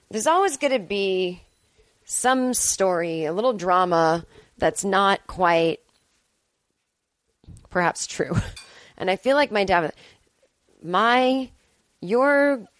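Woman, low-ish voice, dry close mic, chatty rambling solo host who swears casually. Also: dry recording. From Boston area, US. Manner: rambling, chatty, self-deprecating, swears freely. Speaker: podcast host.

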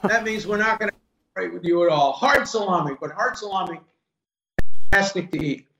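A man's voice: high-pitched, brisk, gravelly, bright, forceful tone, reverberant, low-quality recording. An older man telling stories and tasting food as a guest in a casual studio chat, savoring each bite and talking with emphasis. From United States.

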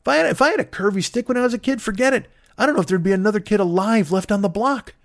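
A man's voice: sits high, racing, dry recording, studio quality. A male podcast host telling a comic story with profane, absurd riffing asides.

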